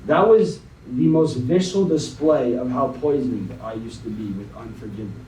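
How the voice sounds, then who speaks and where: A young man as a guest speaker, slowly and dramatically reading a spoken word poem, then talking to a young audience. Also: medium pitch, darkish tone, a little hiss or hum. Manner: slow, dramatic poetry reading. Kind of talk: spoken word poetry then motivational talk. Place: conference hall. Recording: echoey hall, mic at a distance.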